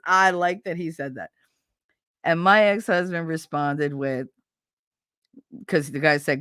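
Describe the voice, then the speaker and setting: A middle-aged woman with a lowish voice hosts a casual live podcast, swinging into blunt, heated, profane rants. Her voice sounds dry and close, with no room around it. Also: slow, long pauses, a bit bright, smooth, dry recording. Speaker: podcast host. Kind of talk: casual livestream chat.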